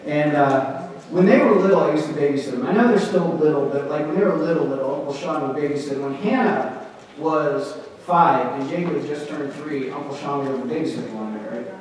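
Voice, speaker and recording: A man's voice: fairly high pitch, a little fast, darkish tone, distant mic. Rambling stand-up guy in an echoey hall. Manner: loose, rambling storytelling with punchy rises. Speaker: stand-up comedian and emcee. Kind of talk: stand-up comedy set. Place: small theatre stage with audience.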